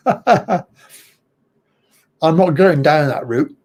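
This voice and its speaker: A man's voice: a little high, lively intonation, slow pace, warm tone. A middle-aged man hosting a casual live chat, talking bluntly and ramblingly, and chuckling often at his own remarks. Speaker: livestream host.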